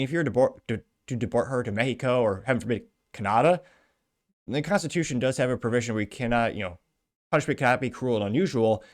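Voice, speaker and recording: Wry male podcast host. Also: medium pitch. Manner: sarcastic, wry asides. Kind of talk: news commentary podcast.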